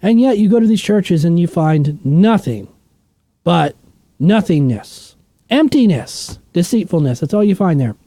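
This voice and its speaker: Emphatic animated man teaching Bible. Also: high-pitched, unhurried, no room sound. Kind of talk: casual Bible study talk.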